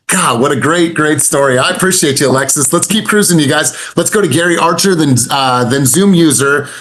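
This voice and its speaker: A man's voice: on the high side, a little hiss or hum. A man leading a sales coaching session on a video call, upbeat and direct as he talks to the group. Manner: upbeat, direct, addresses the group as "you guys".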